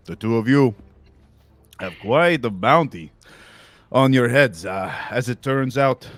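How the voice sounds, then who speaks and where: A man's voice: lowish voice, a bit bright, heavily acted. A man playing a jovial walrus-man bounty hunter. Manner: cheery, offhand, with many ums and uhs.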